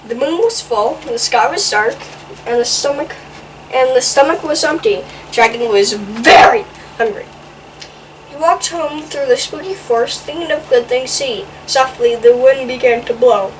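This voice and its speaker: A woman's voice: sits high, normal speed, recorded from a distance, a little hiss or hum, poor audio. A woman reading a children's picture book aloud in a playful way, adding little comments between pages.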